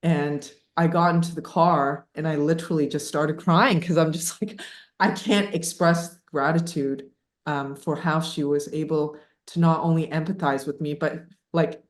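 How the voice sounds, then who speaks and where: A woman in her thirties telling a personal story as a podcast guest, animated and laughing, with many fillers. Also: sits low, moderate pace. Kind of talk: casual storytelling interview. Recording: echoey room.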